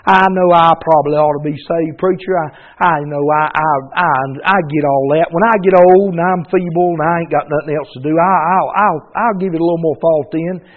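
A male preacher from North Carolina with a Southern accent, giving a fervent sermon and altar call that swings from loud exhortation to a hushed plea. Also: fairly high pitch, phone-quality sound. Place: church service.

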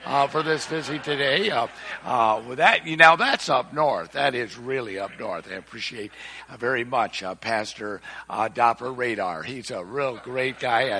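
A man's voice: medium pitch, bright, forceful tone, a little hiss or hum. An older man preaching a sermon in a church, folksy and earnest, with rising emphasis. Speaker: visiting preacher. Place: church sanctuary. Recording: echoey hall with long reverb.

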